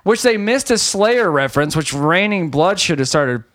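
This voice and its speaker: Host: man, high and very lively voice, profane, ranting movie review chat. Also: moderate pace. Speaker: podcast host.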